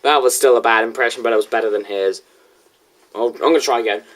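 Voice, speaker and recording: A young video reviewer in casual, rambling commentary, answering a critic with restarts and asides. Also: fast. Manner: rambling, restarts, lively pitch swings.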